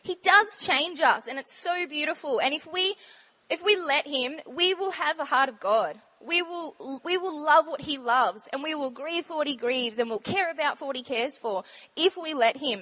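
Bubbly high-voiced woman. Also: lively intonation, moderate pace, pushed and bright. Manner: bubbly, laughs often, chatty. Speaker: church speaker sharing testimony. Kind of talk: informal sermon talk.

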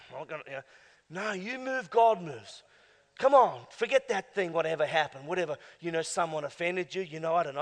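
A male pastor preaching emphatically, swinging between hushed asides and loud exclamations. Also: high voice. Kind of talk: sermon. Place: church. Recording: long church hall reverb.

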